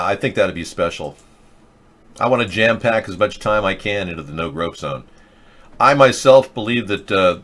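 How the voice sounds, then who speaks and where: Low-voiced male talk show host. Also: a bit bright. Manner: rambling, joking, answers chat comments. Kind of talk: casual live video chat commentary.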